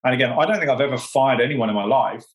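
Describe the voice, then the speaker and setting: Over poor audio, a fast-talking British sales executive from the UK chats casually as a guest in a medium-pitched voice. He speaks emphatically, leaning on "you know" again and again.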